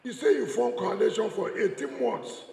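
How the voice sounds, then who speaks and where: A man's voice: high voice, moderate pace, vocal fry, darkish tone. A man with a Nigerian English accent giving a combative political speech, mocking his opponents and repeating lines for emphasis. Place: large church hall. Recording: echoey church hall, long reverb.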